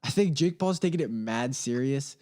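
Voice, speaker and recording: A man's voice: medium pitch, lively intonation, moderate pace, dark tone. A young man hosting a casual comedy podcast alone, rambling in slang and laughing often at his own stories. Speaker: podcast host. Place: home studio. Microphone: studio mic.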